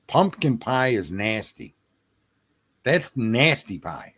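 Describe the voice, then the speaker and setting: A fairly low, sing-song male voice with a breathy edge moves at a moderate pace with long pauses. He's hosting a late-night livestream, reading chat and trading rambling, profane jokes with viewers.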